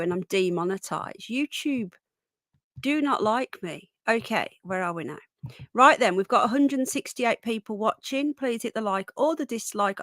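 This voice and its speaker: A woman hosting a casual live stream, her voice slightly croaky from a recent sore throat, chatting and greeting viewers by name. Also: a little high, fairly bright tone, dry recording, clean studio sound. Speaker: livestream host.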